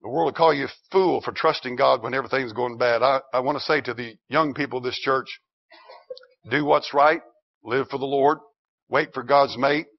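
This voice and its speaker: A man's voice: mid-range voice, gravelly. A male pastor preaching a sermon with emphatic, building delivery. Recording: dull lo-fi recording.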